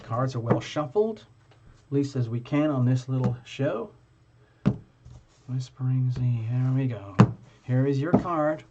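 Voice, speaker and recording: A man's voice: mid-range voice, animated, unhurried, pauses often, dull audio, very noisy. A man hosting a casual live-stream tarot reading, talking to his viewers in a chatty, playful way.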